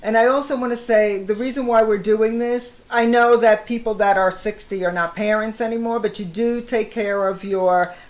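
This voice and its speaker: A woman in her sixties, co-hosting a casual chat, talkative and quick to laugh. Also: steady tone. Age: 60s. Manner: chatty, laughs often, acts out parents' phrases in a high sing-song voice. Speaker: co-host.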